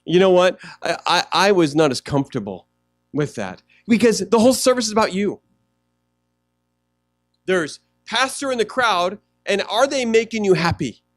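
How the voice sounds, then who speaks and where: High-voiced animated preacher, dry close sound. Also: male voice, moderate pace, no echo. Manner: animated preaching, swings from loud mocking quotes to low hushed asides. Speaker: pastor. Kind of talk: sermon.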